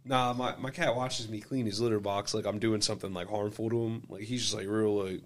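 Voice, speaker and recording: A man in casual podcast chat, telling crude joking stories in an animated way. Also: on the low side, a little fast, crowd noise.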